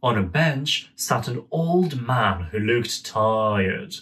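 A young man in a gentle, friendly manner, reading a children's story aloud at home. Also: mid-range voice, expressive, slow. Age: young adult. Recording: voice a bit far from mic.

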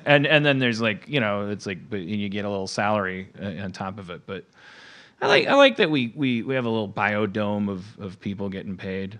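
A man's voice: on the low side, brisk. A middle-aged man hosting a podcast, rambling through casual comedic chat with lots of restarts. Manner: rambling, animated, many restarts, jumps into silly voices. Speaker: podcast host.

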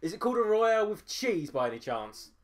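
High-voiced man cracking jokes. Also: sing-song. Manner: joking, quick banter. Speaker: commentary co-host. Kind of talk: casual film commentary.

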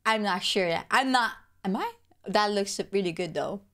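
A woman with a hoarse voice gushing excitedly as she reacts to a game trailer, with lots of exclamations and repeated outbursts. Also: medium pitch, moderate pace, slight background noise. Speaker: gaming reaction vlogger.

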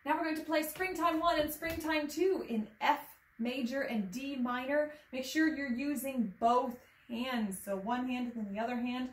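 A woman's voice: sits high, moderate pace, hardly any pauses. A woman teaching an online piano lesson, patiently explaining and chanting rhythm patterns and solfege. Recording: echoey room with faint ambient noise.

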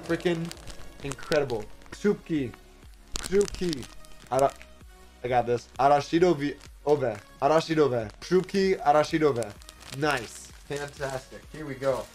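Excitable young male streamer. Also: fairly high pitch. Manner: enthusiastic, exclaiming, talks to chat. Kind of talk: excited unboxing and gaming stream chat.

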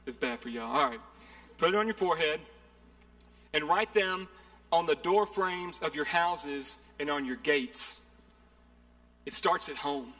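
A man's voice: fairly high pitch, expressive, measured pace, pauses often, bright, forceful tone. A man preaching a sermon, earnest and conversational, often repeating phrases. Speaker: pastor. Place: church sanctuary. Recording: long hall reverb.

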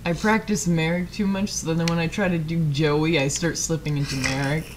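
A woman's voice: low-pitched, fairly even intonation, moderate pace, background noise. A woman chatting casually while watching a video game being played, teasing her friend and swearing freely. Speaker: co-host on a let's play. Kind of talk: casual let's play chat.

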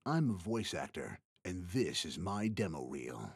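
A man's voice: low-pitched, sing-song, unhurried, few pauses, husky, no room sound. A male voice actor presenting his demo reel in a playful tone. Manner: playful, swings between voices.

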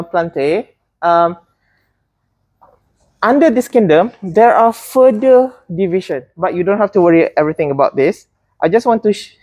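A husky-voiced woman runs a botany class in a casual, chatty way, teasing the students now and then and tripping over her own words. The sound is dry and close, with little room echo. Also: fairly low pitch, mellow. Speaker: botany lecturer. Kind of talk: classroom lecture.

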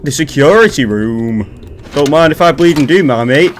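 Young lad doing let's play commentary, slightly high voice, cracks jokes and swears, faint hiss behind. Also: male voice, animated, normal speed. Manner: chatty, swearing, jokey, talks to the game. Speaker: gaming commentator.

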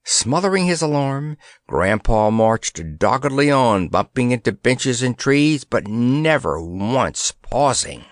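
A man's voice: medium pitch, very animated, slow, hardly any pauses, no echo, clean studio sound. A man reading a children's fantasy story aloud as an audiobook narrator, telling it expressively.

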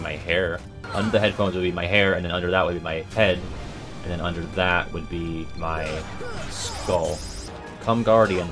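A young man streaming a video game, joking and swearing, swinging from mumbles to yells, with faint music behind him. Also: deep voice. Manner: swears a lot, jokey, swings from mumbling to yelling. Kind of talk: casual game-stream commentary.

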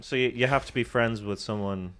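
A man's voice: lowish voice, fairly quick, a bit bright. A man who produces a podcast, joining in the chat with hesitant interjections.

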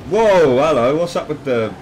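A man commentating his own gameplay excitedly, yelping, swearing and shouting at each play. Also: a little high, moderate pace, slight background noise, rough recording. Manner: excitable, yelps and shouts at plays, swears, laughs often.

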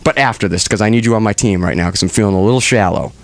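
A man's voice: fairly low pitch, very fast, vocal fry. A man hosting a comedic radio show on a studio microphone, ranting in mock-melodramatic exasperation.

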